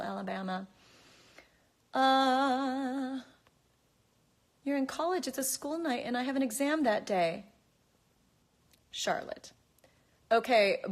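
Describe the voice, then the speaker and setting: A woman chatting casually into her phone, reading out and answering fan questions in a bubbly way. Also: a little high. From United States. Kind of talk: casual chat.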